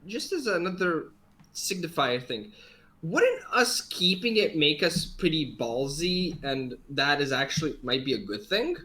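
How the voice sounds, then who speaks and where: A man playing a tabletop game, speaking in a halting, stammering way. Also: a little high, big pitch swings, bright, forceful tone. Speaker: player. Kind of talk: casual tabletop game chat.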